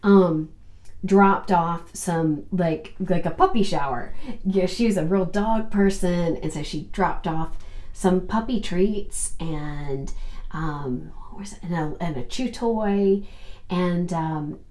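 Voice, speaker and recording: A woman's voice: lowish voice, reverberant. A woman casually telling a personal anecdote, laughing often as she talks. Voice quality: laughs often, slow and animated, drawn-out phrasing. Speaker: storyteller host.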